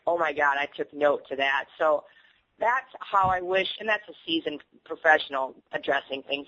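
Laughing frequently, a woman guest shares lively anecdotes in a candid interview. Her voice is low, and the recording has a muffled quality reminiscent of radio.

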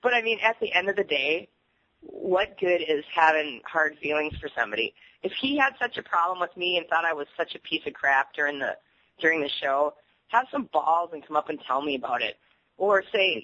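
A woman guest in a candid interview, telling stories in an animated way and laughing often. The sound is muffled, like radio audio. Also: low voice, fairly quick, slight background noise.

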